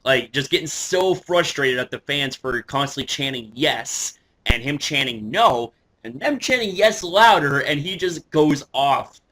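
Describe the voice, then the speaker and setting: A man with a bright, forceful voice chats casually as a vlogger. He gets excitable, swears freely and keeps restarting his sentences with fillers. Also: medium pitch, a little slow. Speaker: wrestling vlogger. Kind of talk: casual reaction commentary.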